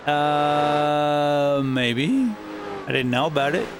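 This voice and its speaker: A man's voice: a little high, steady tone, extremely slow, noisy background. A man streaming a racing game, chatting casually with viewers and rambling with restarts.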